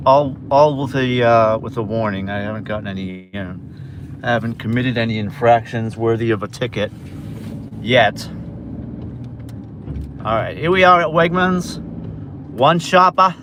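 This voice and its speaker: A man's voice: mid-range voice, normal speed, pauses often, noisy background. A man from New York livestreaming as a delivery driver, chatting loosely with viewers from his car and a store on a phone camera. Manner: chatty, rambling, talks to chat viewers. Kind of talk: casual livestream chat.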